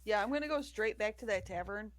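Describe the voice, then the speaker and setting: A woman's voice: medium pitch, lively intonation, fast talker. A woman playing a tabletop game, full of crude, laughing banter. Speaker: player. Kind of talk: casual tabletop play.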